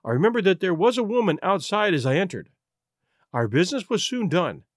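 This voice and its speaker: Read by a man, a troubled young wife pours out her confession in an earnest, halting voice, her pitch rising and falling widely. The delivery sits slightly high for a man, and the sound is close and dry. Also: very animated, dry recording. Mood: anxious. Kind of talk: audiobook reading.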